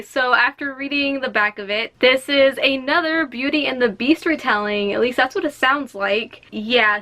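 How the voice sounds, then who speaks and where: A young woman book vlogger chatting excitedly at home and reading book synopses aloud. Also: sits high. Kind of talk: casual vlog.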